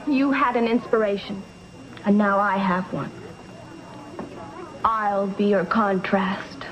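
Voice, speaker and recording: An actress playing a dreamy, self-admiring young free spirit in a 1960s sitcom. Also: female voice, mid-range voice, fairly even intonation, takes it slowly, a little hiss or hum, close to an everyday voice. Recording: dull old TV soundtrack with music.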